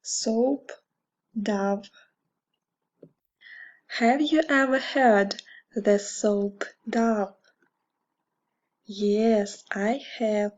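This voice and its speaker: A woman teaching English with a Russian accent, speaking slowly and carefully and repeating words for learners. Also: mid-range voice, fairly even intonation, muffled recording. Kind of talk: slow English lesson for learners.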